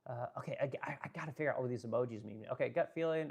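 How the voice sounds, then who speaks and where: A man's voice: medium pitch, very fast, vocal fry, slightly rough. A man ranting bluntly and profanely on a live stream, restarting his sentences often while reading out chat comments between points. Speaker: live streamer and furniture business owner.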